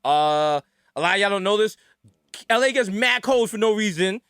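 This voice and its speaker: A man's voice: sits high, normal speed, clean tone, no echo, studio quality. A man with a New York accent, co-hosting a podcast in casual comedic chat and acting out the voices in his stories. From the Bronx, New York. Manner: animated storyteller, acts out quoted voices. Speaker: podcast co-host.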